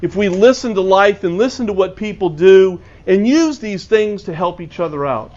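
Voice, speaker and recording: High-voiced man telling a story. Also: expressive, moderate pace, darkish tone. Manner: earnest, acts out quoted dialogue. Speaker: author giving a presentation to a club. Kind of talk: storytelling talk. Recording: dull lo-fi recording.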